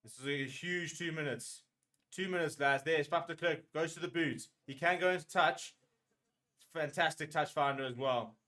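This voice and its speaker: A fairly high-voiced man commentating live on a rugby match for a fan watchalong. He frets and repeats himself over and over, calling each play with raw nerves. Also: normal speed, pushed and bright. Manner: nervous, emotional play-by-play, repeating phrases.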